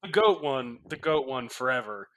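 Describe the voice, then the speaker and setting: A man hosting a casual sports chat, laughing often and tossing in quick asides. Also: medium pitch, expressive, a crowd in the background. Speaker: host.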